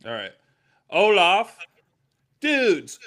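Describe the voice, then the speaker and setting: An American man co-hosting a live fantasy football show, relaxed and reading out viewer questions. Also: high-pitched, extremely slow. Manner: laid-back, reads viewer questions. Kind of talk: casual live podcast chat.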